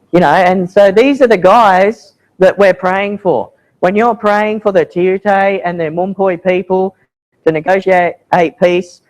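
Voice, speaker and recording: A man's voice: on the high side, rough recording. Casual man telling mission stories. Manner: casual storytelling with quoted voices. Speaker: missionary speaker. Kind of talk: church mission talk. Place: church hall.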